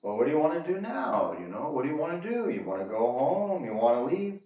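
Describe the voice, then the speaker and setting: A man voicing his easygoing buddy in a breezy, coaxing way, pitched a little higher than his own talk. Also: sing-song, fairly quick, phone-quality sound. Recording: echoey room, distant from mic.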